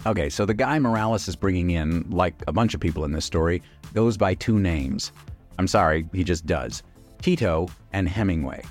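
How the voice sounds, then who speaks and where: Male podcast host, scripted narration, deep and highly varied intonation, wry touches. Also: lively intonation, moderate pace, faint music behind.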